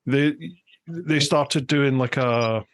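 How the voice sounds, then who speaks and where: Chatty podcast host. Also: male voice, mid-range voice, slow pace. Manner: chatty, laughs along, uses slang. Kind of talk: casual chat.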